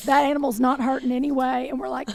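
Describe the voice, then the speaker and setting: A woman co-hosting a podcast in casual chat, an animated, expressive storyteller who laughs often. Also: sits high, quick pace, gravelly, crowd noise. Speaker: podcast co-host.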